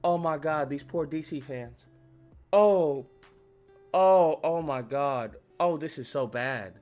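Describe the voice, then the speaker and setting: A man ranting comically about a movie as a YouTube host, slangy and animated, acting out scenes. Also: fairly high pitch, takes it slowly, soft background music. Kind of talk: comedic movie rant.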